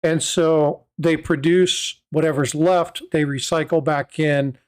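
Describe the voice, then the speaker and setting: Guy hosting a live chat stream, kinda high voice, rambles with lots of uhs and ums. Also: steady tone, slow pace, smooth. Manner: rambling, many filler sounds and restarts. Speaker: host of a coin livestream. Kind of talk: casual explanatory chat.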